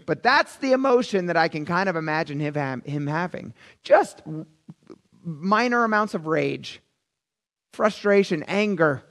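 A middle-aged man preaching a conversational, animated sermon, often calling the audience "you guys". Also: fairly high pitch, unhurried, creaky. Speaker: pastor.

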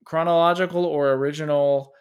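A man's voice: on the high side, steady tone, fairly quick, clean tone. A man hosting a casual podcast chat, teasing his co-hosts and steering the talk with a laugh. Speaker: podcast host.

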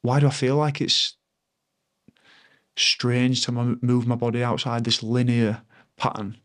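A man in his thirties with an ordinary, middle-pitched voice, speaking as a guest on a conversational podcast. His delivery is reflective and earnest. He circles back and restarts his sentences while he searches for the right words. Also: little pitch movement, measured pace. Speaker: podcast guest, former rugby player.

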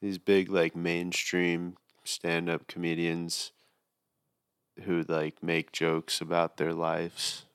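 A man's voice: low voice, completely flat delivery, takes it slowly, a bit bright, clear, resonant tone, no room sound. A young man co-hosting a casual podcast, laid-back and dry in his remarks. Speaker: podcast co-host. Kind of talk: casual chat.

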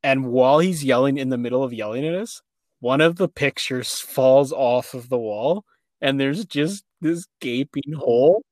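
A man telling a childhood story in a casual chat, animated and laughing, with many fillers. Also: medium pitch, moderate pace, no room sound, clean studio sound.

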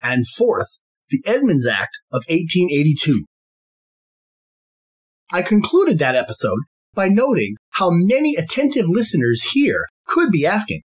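Husky-voiced man with a lively, emphatic delivery. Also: high voice. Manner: deliberate, emphatic, formal. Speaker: podcast host. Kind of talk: scripted podcast monologue.

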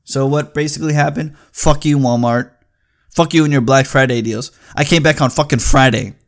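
A man in his twenties telling a story as a casual vlog rant, heated and profane, often getting loud and high. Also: moderate pace. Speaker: vlogger.

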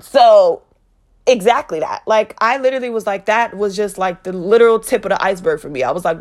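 A young woman telling a storytime rant to her viewers, animated and exasperated, with heavy cursing. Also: mid-range voice, brisk. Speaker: vlogger.

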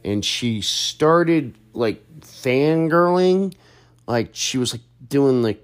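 A man's voice: mid-range voice, animated, slow pace. A young adult man and content creator, talking in a casual, chatty monologue full of restarts and fillers.

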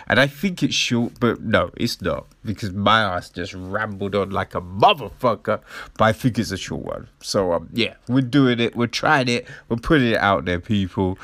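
A man, hosting a podcast in a rambling, profane, animated monologue while his nose is blocked. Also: lowish voice, dry recording. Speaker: podcast host. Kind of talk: casual storytelling monologue.

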